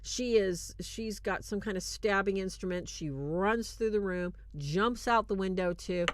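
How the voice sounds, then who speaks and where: A woman hosting a show, retelling a film in casual, animated commentary with fillers and restarts, turning earnest when she draws lessons. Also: medium pitch, unhurried, slight background noise. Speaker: host reviewing a film.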